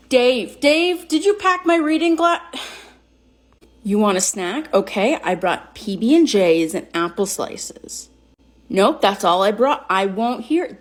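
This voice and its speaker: A woman playing a harried suburban mother at the beach, scolding her kids and husband. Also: on the high side. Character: frazzled suburban mom at the beach, exasperated.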